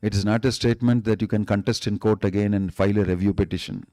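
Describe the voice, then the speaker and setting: A man's voice: fairly low pitch, fairly even intonation, fast, mellow, dry recording, studio quality. A man giving a sermon as a swami, emphatic and repetitive, stretching out key words. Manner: emphatic, repeats points, draws out key words. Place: temple hall.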